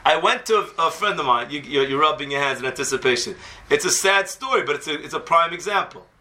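A man giving an animated storytelling talk to his students, conversational and peppered with Hebrew and Yiddish terms. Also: fairly high pitch.

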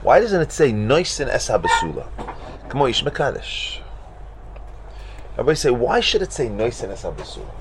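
A man teaching a Talmud class to students, asking them question after question in an animated way. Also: mid-range voice, fairly quick, pauses often, background noise. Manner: animated, questioning, mixes Hebrew and Aramaic terms.

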